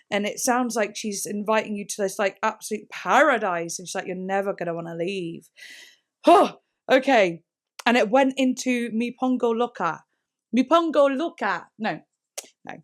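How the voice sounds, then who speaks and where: A woman hosting a casual music reaction, excitable and rambling, with lots of "like" and sudden gasps. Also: a little high. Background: faint music playing.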